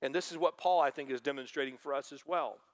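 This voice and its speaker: At a fast pace and medium pitch, a male pastor delivers a sermon to his congregation, speaking casually and dropping in quotations from scripture.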